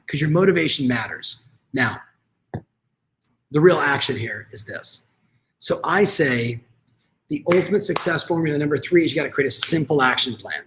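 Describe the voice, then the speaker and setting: A man coaching real estate agents in an energetic, conversational motivational talk, speaking straight to his audience. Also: a little high.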